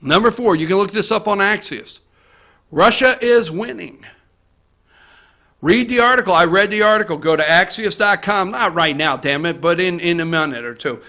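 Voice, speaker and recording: A man's voice: high-pitched, moderate pace. Fired-up, cursing man ranting. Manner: fired-up, profane, often shouting. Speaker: host. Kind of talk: political opinion rant. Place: office. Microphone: facing camera.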